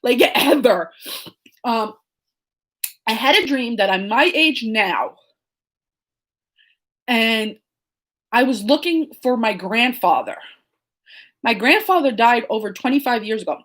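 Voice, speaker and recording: A woman in her late thirties telling a story in a casual vlog chat. She talks in a rambling, digressive way with lots of fillers, and her tone is soft and reflective. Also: on the high side, lively intonation, takes it slowly, pauses often. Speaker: crochet and knitting vlogger.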